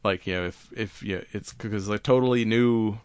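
A man chatting through science news on a casual podcast, his voice fairly low and recorded dry and close. He rambles, fills gaps with "uh" and "you know", swears freely and laughs at his own jokes. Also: normal speed, a little mellow, clear, resonant tone, no room sound.

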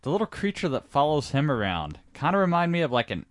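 A man's voice: a little high, big pitch swings, fast. A man co-hosting a podcast, trading loose banter with swearing in casual chat. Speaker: podcast co-host.

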